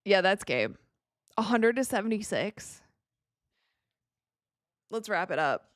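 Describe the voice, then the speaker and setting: This young female streamer talks slowly at a medium pitch, leaving long pauses as she comments casually on the game. She's chatty and animated in reacting to plays, and the sound is dry and close.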